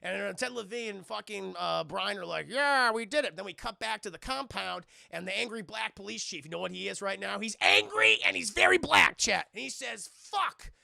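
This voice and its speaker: A man's voice: high voice, sing-song, fairly quick, creaky, hardly any pauses, bright, forceful tone, dry recording, studio quality. A man streamer recapping a film in a casual, profane, rambling, joking way.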